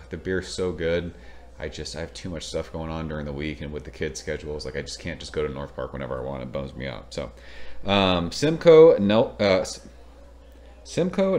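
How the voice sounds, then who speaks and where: A deep-voiced man in his thirties from Southern California reviews beer in a home vlog, chatting, rambling, getting excited, and swearing casually. There is slight background noise.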